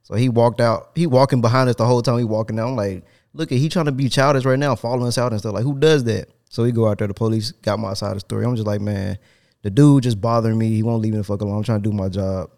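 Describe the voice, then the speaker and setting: A man hosting a casual podcast, telling an animated, profane story with laughter. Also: lowish voice, fast. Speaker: podcast host.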